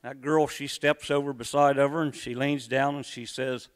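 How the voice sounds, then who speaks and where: A man telling a comic story to an audience with drawn-out, deadpan delivery. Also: mid-range voice. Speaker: contestant storyteller.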